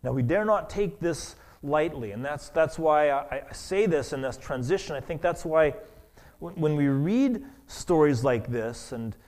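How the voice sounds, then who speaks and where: A man's voice: a little high, animated, unhurried, a little mellow. Earnest male pastor preaching. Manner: earnest, with many restarts and repeated words. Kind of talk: sermon.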